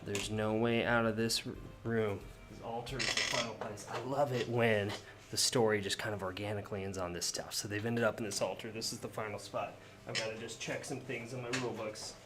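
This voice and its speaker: A man plays a solo tabletop game casually and hosts it himself, reading out cards and reacting aloud to his dice rolls. His voice is on the low side, his tone steady and his pace brisk.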